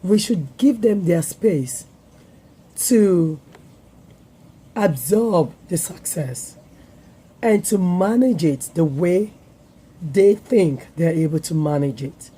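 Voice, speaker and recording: A woman hosting her own parenting vlog, her voice hoarse as it comes back, talking earnestly with filler pauses. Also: on the low side, animated, warm tone. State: hoarse, voice recovering. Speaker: vlogger and parenting show host. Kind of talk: solo vlog talk to viewers.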